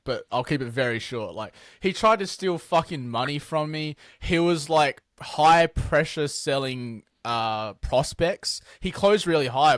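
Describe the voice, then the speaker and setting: A man's voice: medium pitch, dry recording, clean studio sound. A man, a business owner guest, telling blunt, sweary stories in a casual interview. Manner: blunt, sweary, animated storytelling.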